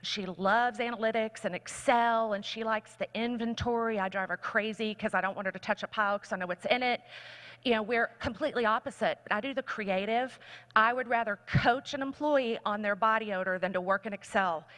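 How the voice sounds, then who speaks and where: A woman's voice: a little high, a little fast, a bit bright. Woman speaker, candid and emphatic stage story, lingering hall reverb. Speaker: speaker at a conference talk. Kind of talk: inspirational stage talk. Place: large conference hall.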